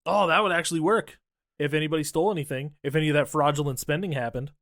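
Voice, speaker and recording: A man's voice: fairly high pitch, steady tone, fairly bright tone, no echo, studio quality. A man co-hosting a podcast, recapping a horror movie in casual, profane, sardonic chat. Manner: profane, sardonic recapping with quick voices for characters. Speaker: podcast co-host.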